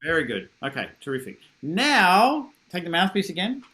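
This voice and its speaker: A middle-aged man leads a horn masterclass over a video call, his voice pitched high for a man. He praises readily, jokes about himself and demonstrates with short sung syllables. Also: big pitch swings, normal speed, sharp tone, faint music behind. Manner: encouraging, self-deprecating, demonstrates with sung syllables. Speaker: horn teacher giving a masterclass.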